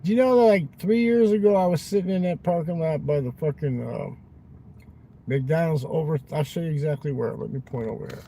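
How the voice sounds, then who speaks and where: Crude, rambling man with a mellow voice. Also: on the high side, a little fast, a little hiss or hum, poor audio. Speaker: live-stream vlogger. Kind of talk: rambling live-stream chat. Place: parked car at night.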